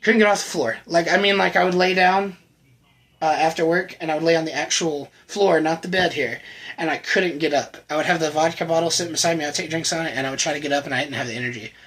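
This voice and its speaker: A man with a husky, breathy edge to his voice tells his own story. His tone is bright and somewhat higher than most men's, and his delivery is candid and halting, with frequent restarts and fillers as he recounts a personal testimony. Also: fairly even intonation, low-quality recording. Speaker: channel host telling his recovery story.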